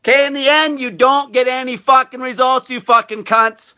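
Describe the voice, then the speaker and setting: A man hosting his own diet channel, ranting furiously with constant swearing and mocking others in a slow sneering voice. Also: very high voice, fairly even intonation. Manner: profane, shouting, furious. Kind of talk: angry vlog rant.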